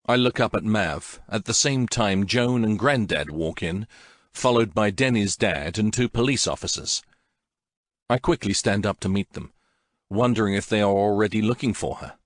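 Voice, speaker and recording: A man's voice: lowish voice, moderate pace, dry recording, studio quality. A man narrating a first-person audiobook in an emotional, intense way.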